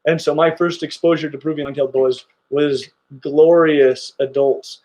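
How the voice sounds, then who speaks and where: A man's voice: fairly high pitch, fairly even intonation, normal speed, darkish tone. A middle-aged man hosting a casual reptile livestream, gushing enthusiastically about his animals. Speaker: reptile channel host.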